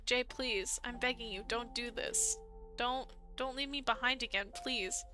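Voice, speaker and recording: A woman's voice: sits high, fairly quick, sharp tone, faint music behind. A woman voicing a heartbroken young man in a dating game, earnest and pleading.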